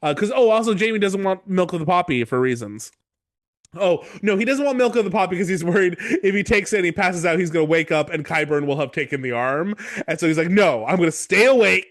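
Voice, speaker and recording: A man on a podcast, recapping chapters in a loose, rambling way. His voice sits a bit high and sounds close and dry, with profanity and quick, offhand character bits. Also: dry recording. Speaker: podcast host. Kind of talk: casual book-club recap.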